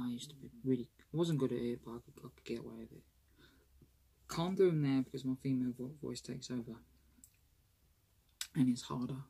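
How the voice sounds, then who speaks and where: A woman's voice: very deep voice, mellow, slightly rough. A woman who talks in a chatty, rambling way, with restarts and a self-conscious tone, in a candid personal vlog. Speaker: vlogger.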